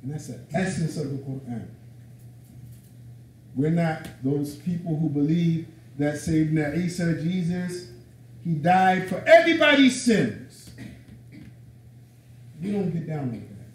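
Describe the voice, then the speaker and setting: Male lecturer, high-pitched, emphatic and conversational, slangy delivery; echoey room, mic at a distance. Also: lively intonation, unhurried, long pauses, a little hiss or hum. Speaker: religious teacher.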